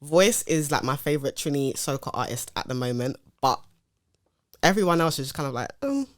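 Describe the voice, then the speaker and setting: A young woman from England, co-hosting a podcast in relaxed, frank casual chat. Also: sits low, brisk. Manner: relaxed, frank, lots of fillers. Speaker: podcast co-host.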